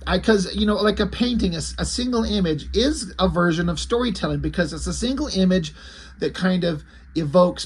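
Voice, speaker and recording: A man's voice: high-pitched, husky. A man talking casually in a video review of a comic book, rambling, with fillers and restarts, a self-described comics creator.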